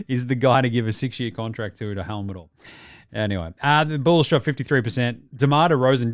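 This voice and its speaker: A man's voice: mid-range voice, no room sound, clean studio sound. A man hosting a solo basketball news podcast, chatting casually and joking with himself. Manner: casual, jokey, talks back to himself. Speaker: podcast host. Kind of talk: solo sports news commentary.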